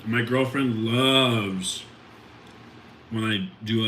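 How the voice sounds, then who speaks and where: Slow-talking rambling man streaming from home. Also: medium pitch. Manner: rambling, easygoing, reacts to chat. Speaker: streamer chatting with viewers. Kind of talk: casual live-stream chat. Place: home room with equipment. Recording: roomy, distant mic, faint ambient noise.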